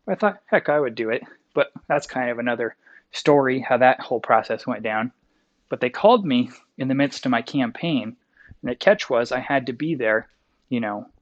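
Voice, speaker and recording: Young man, from Wyoming, interview guest, folksy rambling storyteller, muffled lo-fi sound. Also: mid-range voice. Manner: rambling, self-correcting, folksy.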